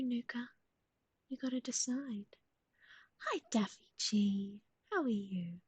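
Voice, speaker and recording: Young woman streamer: breathy, husky whisper, fairly high, sweet baby-talk coos, close and dry. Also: slow pace, dry recording. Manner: soft whispering, cooing baby talk to her dog. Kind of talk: ASMR livestream chat.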